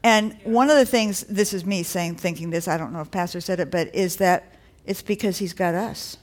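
A woman's voice: fairly low pitch, moderate pace. A woman preaching a sermon to a congregation in a church, in a conversational, encouraging way that builds to rising exhortations.

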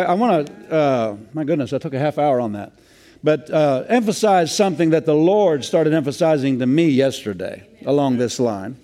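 A man's voice: fairly high pitch, mellow. A male pastor preaching a sermon in a folksy way, with many fillers and restarts.

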